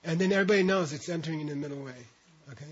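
A man lecturing a classroom, leading his students through a reading one syllable at a time and stopping to explain what the words mean. His voice sits a little high for a man. The recording is muffled and lo-fi. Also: racing, slightly rough. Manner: patient, breaks words into syllables for students to repeat. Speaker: teacher. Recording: dull lo-fi recording.

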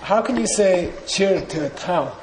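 A man teaches a class in a slow, unhurried way, his voice somewhat high for a man. He jokes with the students and leads them through recitation together. The recording echoes around the room, with steady noise clearly audible behind him. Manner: casual, joking, leads group recitation. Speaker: Buddhist philosophy teacher.

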